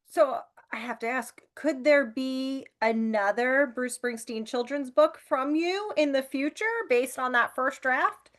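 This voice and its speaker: Woman curator, host; slightly high-pitched, eager and friendly in conversation. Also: measured pace, few pauses. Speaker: museum curator, interview host. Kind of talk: hosted interview conversation.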